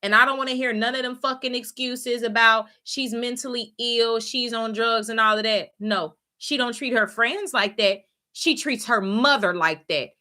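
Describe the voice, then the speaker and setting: Brief: woman host, bright voice, blunt profane rant. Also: fairly high pitch, normal speed, few pauses. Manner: blunt, profane, emphatic ranting. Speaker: podcast host. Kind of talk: casual chat.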